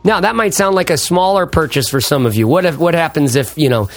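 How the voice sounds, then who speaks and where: A man with a slightly high voice hosts a podcast in a lively, playful monologue, forever tossing in "right?" and "why?" to pull the listener along. Soft music sits faintly behind him. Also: brisk. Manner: rhetorical, keeps asking "right?" and "why?"; playful, hams it up. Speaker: podcast host. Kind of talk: casual energetic podcast monologue.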